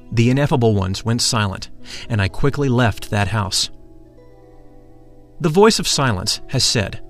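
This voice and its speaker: A man giving a measured, solemn scripted narration. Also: medium pitch, lively intonation. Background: faint music.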